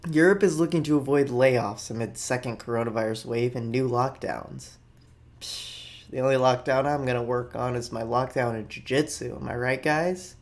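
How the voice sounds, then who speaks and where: Jokey, rambling male podcast host. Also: mid-range voice. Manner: jokey, rambling, offhand asides. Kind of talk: casual comedic news commentary.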